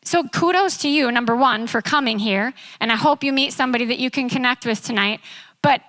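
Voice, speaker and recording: A woman's voice: a little high, a little fast, fairly bright tone. A young woman preaching a casual, chatty youth sermon who keeps checking in with the room. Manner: casual, chatty, often asks the room "right?". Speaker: youth speaker. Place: youth service in a church building.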